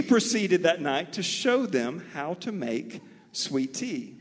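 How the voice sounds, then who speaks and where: A man from Mobile, Alabama with a Southern accent, preaching a sermon as pastor with animated, folksy storytelling. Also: on the high side, measured pace, long reverb tail.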